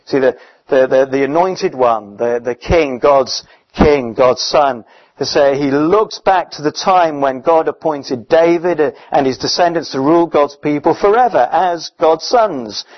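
A man preaching a sermon in a conversational, emphatic way, often pausing with fillers. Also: on the high side. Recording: dull, muffled recording.

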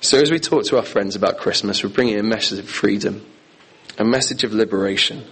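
A man's voice: on the low side, brisk, a bit bright, husky, low-quality recording. Earnest man preaching a sermon. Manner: earnest, emphatic, repeats key phrases.

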